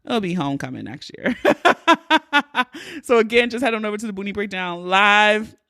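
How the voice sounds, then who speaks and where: A woman's voice: mid-range voice, moderate pace, a bit bright, no room sound, studio quality. Chatty, profane woman podcast host. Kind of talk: casual podcast monologue.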